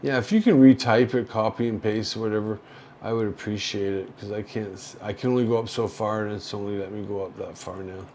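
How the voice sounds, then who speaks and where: An older man hosting a casual livestream, talking in a halting, rambling way with many fillers and soft chuckles as he reads viewer chat. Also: fairly low pitch, fairly even intonation, a little hiss or hum.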